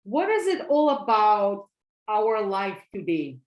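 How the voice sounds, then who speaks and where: A woman's voice: mid-range voice, very animated, roomy sound, lo-fi sound. A woman with a Russian accent giving an earnest online presentation as a physician, repeating her words for emphasis. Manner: slow, earnest, with emphatic repetitions.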